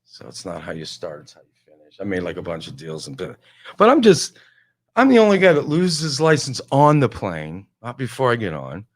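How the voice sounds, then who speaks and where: A man telling a casual, animated comic story on a talk show, full of exasperation. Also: lowish voice, a little fast.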